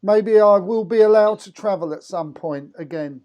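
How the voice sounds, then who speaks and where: A man co-hosts a casual show as a medium, speaking over a video call. He talks in a relaxed, rambling way and leans on plenty of fillers. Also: sits high, normal speed, clear, resonant tone, lo-fi sound. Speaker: medium and co-host.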